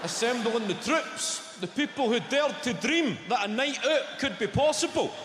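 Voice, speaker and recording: Scottish guy doing stand-up, high voice, sweary and brash, big echoey arena, loud crowd behind. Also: expressive, moderate pace, heavy background noise. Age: young adult. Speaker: stand-up comedian. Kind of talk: live stand-up routine. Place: large arena stage.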